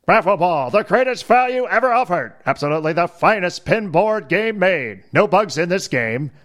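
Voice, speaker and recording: A man reading an old advertisement in a put-on old-timey announcer voice, proclaiming like a pitchman. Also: animated, moderate pace, a bit bright. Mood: boastful.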